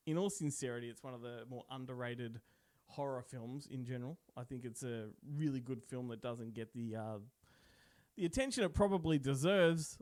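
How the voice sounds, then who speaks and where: A man's voice: medium pitch, darkish tone, dry recording, studio quality. A man hosting a podcast, chatting casually about movies and laughing often. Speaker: podcast host.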